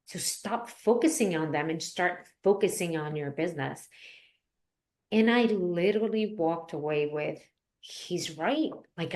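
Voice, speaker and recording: A woman who owns child care centers, telling a story in an animated way in an interview and laughing easily. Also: on the low side. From New Jersey. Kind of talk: conversational interview.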